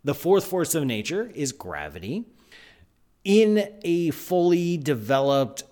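A man hosting a live science show, talking in an excitable, animated, chatty way. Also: mid-range voice. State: out of breath. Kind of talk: live-stream science talk.

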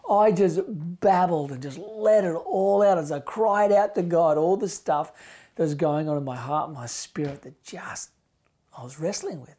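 Impassioned pastor preaching. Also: male voice, on the high side, normal speed. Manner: impassioned, swings between loud emphasis and hushed near-whispers. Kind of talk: sermon.

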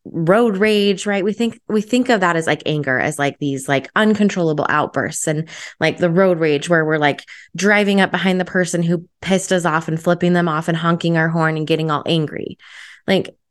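A woman's voice: lowish voice, moderate pace. A young adult woman hosting her solo podcast, chatty and upbeat, with lots of "like" fillers. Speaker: podcast host.

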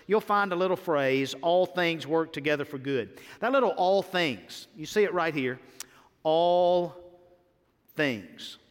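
Pastor guy preaching, folksy, goes big then quiet, high voice, long echo in the church. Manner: folksy storytelling, dramatic swings between loud and soft. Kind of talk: sermon. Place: church sanctuary. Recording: long hall reverb.

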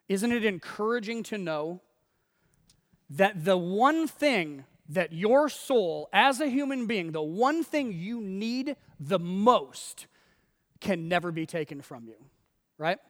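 A man's voice: high voice, lively intonation, a little slow, long reverb tail. A man preaching a sermon in a conversational way, acting out quoted voices and laughing often. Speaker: pastor.

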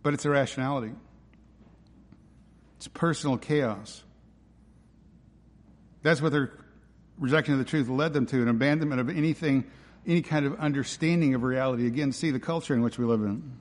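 A man's voice: medium pitch, fairly quick, pauses often, long reverb tail. A man preaching a sermon as pastor, emphatic and driving, often posing rhetorical questions.

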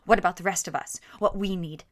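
A woman voicing a desperate, aggressive, scruffy graying vagrant man who shouts his demands loudly. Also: fairly low pitch, steady tone, fast talker, close to an everyday voice. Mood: shouting angrily.

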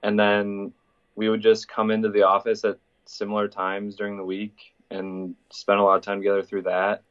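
Relaxed young man, dull lo-fi sound. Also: fairly low pitch, normal speed. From Iowa, US. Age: 20s. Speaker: guest, college senior. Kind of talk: casual podcast interview.

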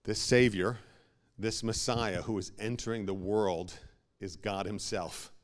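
Low-voiced man preaching a sermon. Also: fairly even intonation, a little slow. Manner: swings from hushed asides to loud emphatic peaks; repeats words when building a point. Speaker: pastor.

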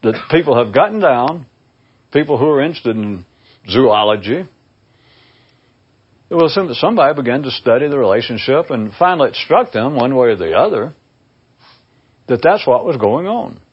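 This husky-voiced man speaks at normal speed with lively intonation and frequent pauses. He wanders through a discursive monologue aimed at his listeners, voicing imaginary characters in a high pitch, and the recording sounds dull and lo-fi.

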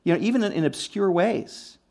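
A man's voice: high voice, lively intonation, brisk, gravelly, darkish tone. A man preaching a sermon in a conversational, emphatic way, with frequent restarts and asides. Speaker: pastor.

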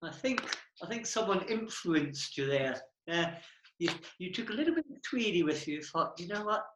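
A man's voice: fairly high pitch, sing-song, normal speed, fairly bright tone, reverberant, highs cut off, slight background noise. A man casually reminiscing about a stage routine, playful and self-mocking. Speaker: former stage partner, performer.

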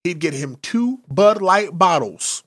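A man's voice: sits high, expressive, takes it slowly, a bit bright, breathy edge. A man in casual crude chat, telling loose stories and acting out what people said. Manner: loose storytelling, acts out quotes. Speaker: podcast co-host.

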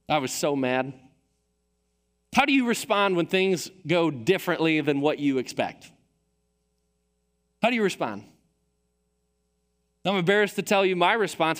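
Man from Michigan, pastor preaching, fairly high voice, humorous storytelling, long church-hall reverb. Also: expressive, moderate pace, pauses often, fairly bright tone. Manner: storytelling, self-deprecating humor. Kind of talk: sermon. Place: large church auditorium.

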